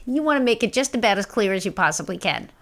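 A woman's voice: medium pitch, expressive, fast, fairly bright tone. A woman co-hosting a casual podcast, mostly listening and chiming in with short, easygoing replies. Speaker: podcast co-host. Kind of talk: casual chat.

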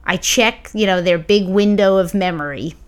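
A woman co-hosting a podcast in casual chat, telling stories in an animated, rambling way. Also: medium pitch, moderate pace, clean tone. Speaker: podcast co-host.

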